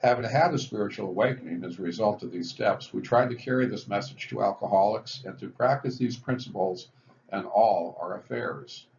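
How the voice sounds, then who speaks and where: Low-voiced man lecturing on recovery steps. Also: gravelly, darkish tone. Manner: measured, explanatory, stresses step headings. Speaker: physician teaching addiction recovery. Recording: dull lo-fi recording with faint hiss.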